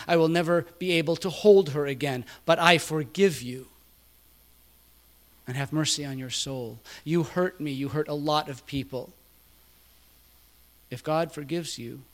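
A man preaching a sermon, quoting others quietly and building to loud, emphatic peaks. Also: fairly high pitch. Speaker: pastor.

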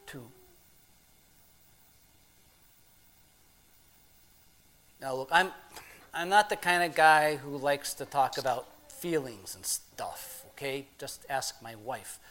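Brief: a man as a plain-spoken, married blue-collar guy in a stage monologue; halting, rough-grammared, swinging between murmurs and excited outbursts. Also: medium pitch, a little hiss or hum, close to an everyday voice. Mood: reflective. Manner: swings from hushed murmur to loud excited telling. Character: plain-spoken married working man, gruff but tender-hearted. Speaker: monologue performer. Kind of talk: dramatic first-person monologue.

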